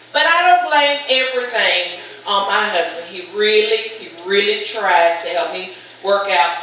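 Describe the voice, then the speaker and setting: A middle-aged woman doing live stand-up comedy. She tells chatty stories and teases the crowd with quick asides. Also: mid-range voice, expressive, lo-fi sound, slight background noise. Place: large event shed with a live audience. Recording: echoey hall, voice from far off.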